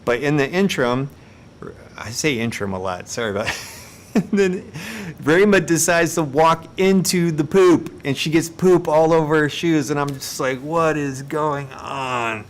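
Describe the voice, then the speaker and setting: A man hosting a live stream, telling everyday stories in a casual, animated, self-mocking way and laughing between lines. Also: fairly high pitch, normal speed.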